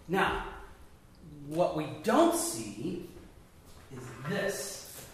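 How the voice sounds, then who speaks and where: A man's voice: a little high, animated, a little slow, recorded from a distance, slight background noise. A man leading a small Bible study class, asking the group questions as he teaches. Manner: conversational, asks the group questions. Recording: echoey room picked up from afar.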